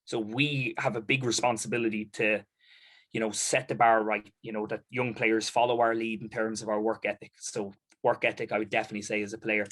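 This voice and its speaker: An Irish man, a basketball captain and coach, in casual chat, animated and quick to laugh. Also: lowish voice. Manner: animated, laughs often, acts out sounds.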